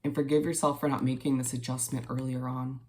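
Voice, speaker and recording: A man giving a casual daily tarot reading to viewers, gentle and reassuring, unhurried and dotted with fillers. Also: medium pitch, flat delivery. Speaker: tarot reader.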